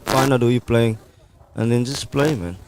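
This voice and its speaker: Laconic cricket pro, plain voice. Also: male voice, mid-range voice, normal speed, vocal fry, background noise. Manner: laconic, modest. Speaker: club professional cricketer. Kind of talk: casual chat.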